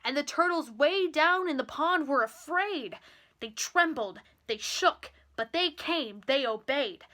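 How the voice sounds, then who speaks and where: A teenage girl reads a children's story aloud with a slow, expressive delivery. Her voice is high and bright. She lingers over the rhymes. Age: teens. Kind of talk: reading a children's picture book aloud.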